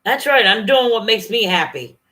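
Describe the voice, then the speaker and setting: A woman's voice: fairly high pitch, expressive, bright, forceful tone. A woman venting angrily and profanely on her vlog, talking straight to her viewers. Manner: angry, profane, fast-shifting rant. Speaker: vlogger.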